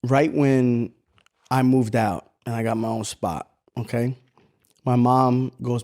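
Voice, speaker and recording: A man's voice: medium pitch, fairly even intonation, slow, darkish tone. A man in his thirties co-hosting a podcast, telling stories in casual, profane chat. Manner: profane, storytelling. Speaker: podcast co-host.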